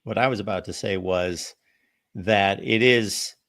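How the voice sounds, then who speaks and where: Male show host, low voice, steady and assured football analysis. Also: a little slow. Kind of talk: casual sports talk.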